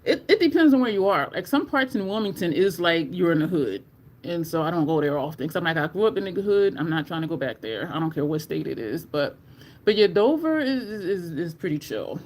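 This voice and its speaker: An animated, talkative livestream host chats casually with viewers at home. The voice sits at a mid pitch, and a faint hiss runs underneath. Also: brisk. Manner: chatty and animated, addresses viewers as y'all. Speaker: livestream host reviewing makeup.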